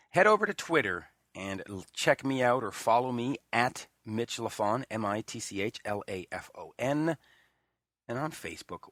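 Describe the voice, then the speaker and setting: A man's voice: on the low side, a bit bright, dry recording, clean studio sound. A man hosting a podcast, chatting with a guest and signing off the show. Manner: friendly, chatty. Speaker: podcast host. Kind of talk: interview and sign-off.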